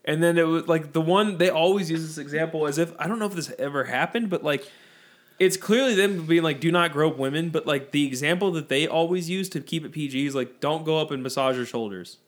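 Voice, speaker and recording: A man's voice: fairly high pitch, a little fast. Wry young man with a raised voice. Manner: wry, joking, steers the talk. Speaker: podcast co-host. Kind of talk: casual chat.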